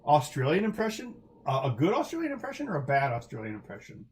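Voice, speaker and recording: A man's voice: fairly high pitch, wildly swooping pitch, quick pace. A man hosting a charity livestream, answering viewer chat in a loose, rambling way with lots of fillers and restarts.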